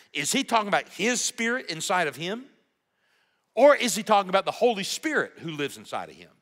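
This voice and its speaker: Animated, bright-voiced preaching pastor. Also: male voice, fairly high pitch. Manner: animated, emphatic preaching with rhetorical questions. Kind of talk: sermon.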